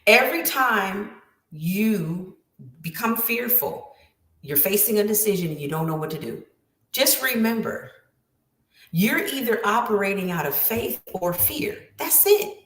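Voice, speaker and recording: A woman's voice: medium pitch, lively intonation, measured pace, fairly bright tone, roomy sound. A woman writing coach giving an emphatic, preachy motivational talk with lots of repetition.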